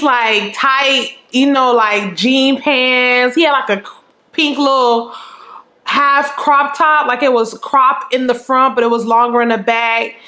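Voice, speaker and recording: High-voiced woman telling a lively story. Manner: animated and profane, acts out scenes with quoted remarks. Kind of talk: casual storytime chat. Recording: roomy echo.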